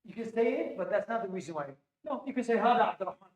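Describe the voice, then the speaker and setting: This Arabic lesson, recorded in a reverberant classroom, features a male teacher whose high-sitting voice has a darkish tone. He's animated and races along, quizzing the class and restarting phrases often as he repeats them.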